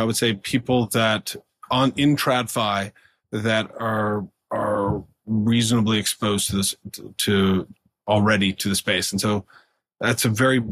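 A man as a podcast guest, telling a story in a chatty way, full of fillers and quick laughs. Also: fairly low pitch, a bit bright. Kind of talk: casual storytelling in conversation.

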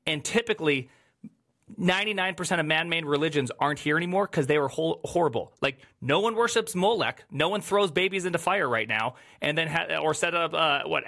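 A man co-hosting a casual panel chat, telling a long, excitable, rambling story. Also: on the high side. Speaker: podcast co-host.

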